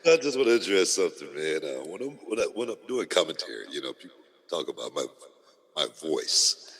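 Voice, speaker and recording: A middle-aged man, hosting a casual podcast chat, animated, laughing often and repeating himself. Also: extremely low pitch, brisk, long reverb tail. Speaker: podcast host.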